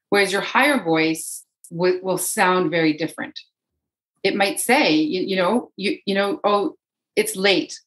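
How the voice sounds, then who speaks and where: Woman, lower register, podcast guest, unhurried repeating talker. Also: rough recording. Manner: flowing, repeats phrases, voices inner thoughts in quotes. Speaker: guest, energy healer. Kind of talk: casual podcast interview.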